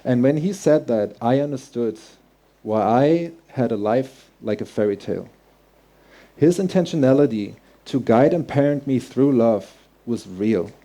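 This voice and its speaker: A man's voice: mid-range voice, a little slow, mellow. A man telling a personal story on stage, earnest and heartfelt, in vivid present tense. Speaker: speaker.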